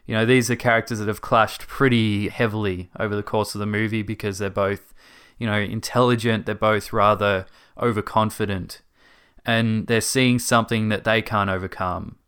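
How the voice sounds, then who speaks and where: A man in a casual movie discussion, explaining scenes in a measured, thoughtful way. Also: on the low side, fairly even intonation, fairly bright tone, smooth.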